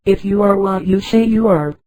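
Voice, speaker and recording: A woman reading the lines of a grown man stranded on another planet, in a flat, even synthetic voice. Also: mid-range voice, normal speed, no room sound, lightly acted, rough recording.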